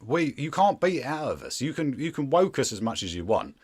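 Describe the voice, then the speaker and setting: A man's voice: medium pitch, big pitch swings, fairly quick, husky. A man hosting a casual interview, chatty and rambling, often dropping to a mutter. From Britain. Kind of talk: casual conversation.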